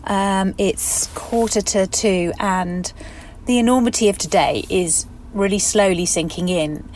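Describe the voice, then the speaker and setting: Recording a spoken diary at home and in a van, a middle-aged English woman who works as a florist chats emotionally, breaking into sighs and laughs between ideas. She speaks in a mid-range, darkish voice at a measured pace, with a little hiss or hum in the background.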